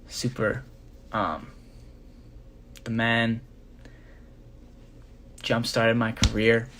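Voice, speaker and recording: A man's voice: fairly low pitch, background noise. A young man chatting casually on a live stream, rambling with many fillers as he shows his jewelry. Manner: rambling, filler-heavy, relaxed.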